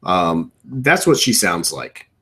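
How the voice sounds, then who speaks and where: A young man co-hosting a podcast from his computer at home, riffing in casual chat with strong opinions and rambling asides that trail off low. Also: big pitch swings, slow pace, sharp tone. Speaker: podcast co-host. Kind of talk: casual wrestling riff commentary.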